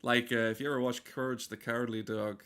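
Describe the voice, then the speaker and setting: Male let's player: loose, profane, self-deprecating, halting with fillers. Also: medium pitch, level tone, a bit bright, faint music behind. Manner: rambling, crude, self-mocking, many fillers. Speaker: let's play gamer. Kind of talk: casual game commentary.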